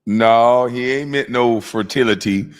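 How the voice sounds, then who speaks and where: A man's voice: mid-range voice, a little slow. A man hosting a stream, mocking clips in profane casual roast commentary, his nose stuffy. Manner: mocking, profane, bursts into laughter. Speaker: host reacting to clips.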